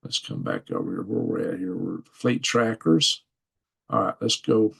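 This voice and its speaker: A man's voice: low-pitched, moderate pace, creaky, a bit bright, slightly rough. A man hosts his channel, reading news articles off a shared screen and commenting in a rambling way, chuckling and thinking aloud as he goes. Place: at home at a computer.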